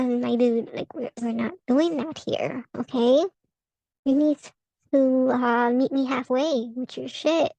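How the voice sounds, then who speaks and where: A woman's voice: on the high side, darkish tone, no room sound, rough recording. A woman vlogging about a tarot reading, profane and heated, laughing between rants. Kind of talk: casual ranting vlog.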